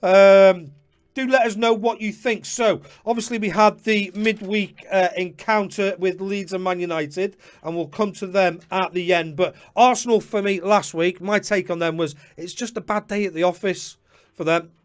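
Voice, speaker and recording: A man's voice: sits high, steady tone, moderate pace. Chatty man hosting a live stream. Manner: chatty, addresses viewers by name, apologetic asides. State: slightly out of breath. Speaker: host. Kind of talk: live-stream fantasy football chat.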